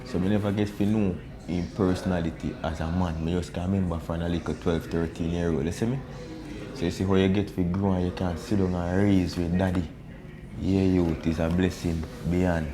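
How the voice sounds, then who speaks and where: A man with a Jamaican accent softly consoling a grieving young man in a heart-to-heart chat, speaking thick patois. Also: sits low, level tone, a little fast, crowd noise. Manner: soft, consoling patois, often ending lines with "youth" and "bro". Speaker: mourner.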